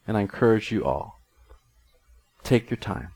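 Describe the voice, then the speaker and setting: A man's voice: fairly low pitch, lively intonation, normal speed, vocal fry, a little mellow. A middle-aged male pastor preaching a conversational sermon in an earnest tone, often restarting his sentences.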